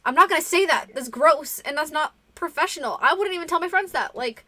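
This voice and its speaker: Young woman, podcast host, chatty and rambling, bright voice, fairly high, dry sound. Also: lively intonation, a little fast, no room sound. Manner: chatty, rambling, self-conscious. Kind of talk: casual podcast chat.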